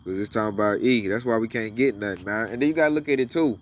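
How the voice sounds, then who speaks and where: A man's voice: lowish voice, fast talker, recorded from a distance, slight background noise. A man giving casual, emphatic commentary on scripture, reading verses aloud and then riffing on them. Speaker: religious commentator.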